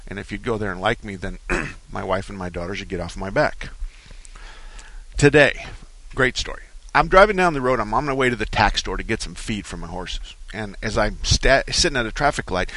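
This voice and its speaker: A man's voice: on the low side, animated, moderate pace, bright, forceful tone, no room sound. A man hosting a talk radio car show, rambling through folksy stories in a studio. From Arizona. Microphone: studio microphone.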